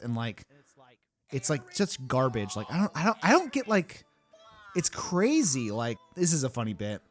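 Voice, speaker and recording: A man's voice: medium pitch, big pitch swings, normal speed, soft background music. A man hosting a casual commentary track, ranting with lots of swearing and fillers. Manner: ranting, profane, rambling with many fillers. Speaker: YouTube host. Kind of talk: casual behind-the-scenes commentary.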